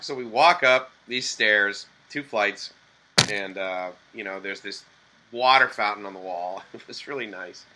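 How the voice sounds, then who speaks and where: A man's voice: lowish voice, a little slow, poor audio. A man from the Boston area telling a rambling travel story to camera, full of fillers and self-corrections. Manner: animated quoted dialogue. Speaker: vlogger.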